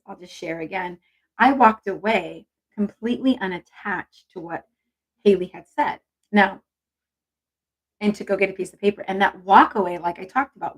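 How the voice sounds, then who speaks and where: A woman's voice: on the low side, slightly rough, rough recording. A woman hosting a casual live stream on intuition, chatty and encouraging as she reads viewer comments aloud.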